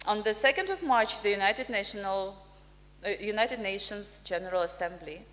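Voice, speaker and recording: A woman from Ukraine, an ambassador giving a formal prepared speech in slow, deliberate, emphatic phrases. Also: mid-range voice, fairly bright tone. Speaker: ambassador, guest speaker. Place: press club function room. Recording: reverberant hall.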